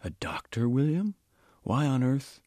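A man's voice: mid-range voice, very animated, a little slow, dark tone, no room sound, clean studio sound, pitched above the performer's own voice. A man doing a quavering, frail old man. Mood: mild. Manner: quavering, mild.

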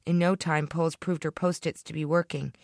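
A woman's voice: deep voice, fairly even intonation, moderate pace, vocal fry, darkish tone, no room sound. Author narrating her own fiction, dramatic and rhythmic, very dry sound. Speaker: author reading her story. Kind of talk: expressive story reading.

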